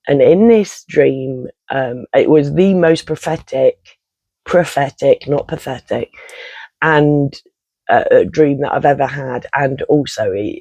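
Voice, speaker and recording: A man's voice: medium pitch, gravelly, a little mellow, husky, no echo, poor audio. A man, telling a rambling personal story in casual vlog style, swearing and interrupting himself often. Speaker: vlogger.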